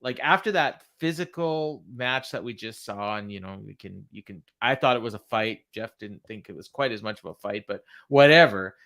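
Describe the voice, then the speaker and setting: A man's voice: lowish voice, animated, moderate pace, few pauses, a bit bright. A man co-hosting a livestream podcast, chatting casually, laughing often and answering viewer comments. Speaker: podcast co-host. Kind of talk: casual livestream recap chat.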